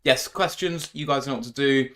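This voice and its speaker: Hosting a relaxed live podcast, a young guy banters about himself, poking fun at his own shortcomings and laughing frequently. He has a mid-range, fairly bright voice and talks at a moderate pace.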